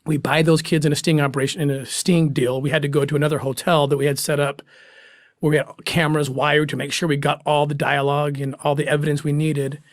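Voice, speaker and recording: An earnest middle-aged man recounts a story as an interview guest, his voice pitched a little high. He halts now and then as emotion catches him, and the sound is close and dry. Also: flat delivery, fast, no echo. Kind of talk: emotional first-person storytelling.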